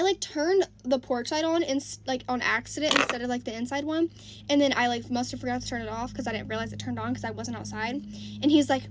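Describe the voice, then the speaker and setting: High-voiced woman telling a storytime. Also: slight background noise. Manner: chatty, filler-heavy, exasperated. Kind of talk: casual storytime.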